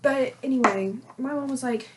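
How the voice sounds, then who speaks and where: Animated young woman telling gossip. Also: sits high, moderate pace, very noisy. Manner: animated gossipy storytelling with laughs. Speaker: podcast co-host. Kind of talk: casual storytelling chat.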